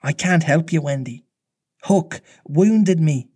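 A man's voice: fairly high pitch, slow pace, darkish tone, breathy edge, voice pushed up. A man reading aloud, voicing a brave young boy who is wounded and growing faint. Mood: weary.

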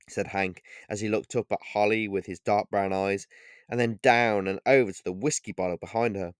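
A man reading his own short story aloud in a steady, measured narration. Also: fairly low pitch, smooth, no echo, studio quality.

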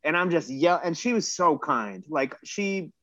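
A man's voice: fairly high pitch, lively intonation, a little slow, fairly bright tone, no echo. A man in his thirties telling a rambling, self-mocking story in casual chat and swearing freely. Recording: dull lo-fi dry recording.

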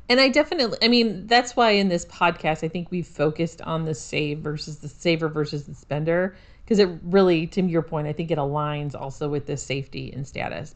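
A woman co-hosting a podcast in casual chat, chatty and self-deprecating with sarcastic asides. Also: on the low side. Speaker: podcast co-host.

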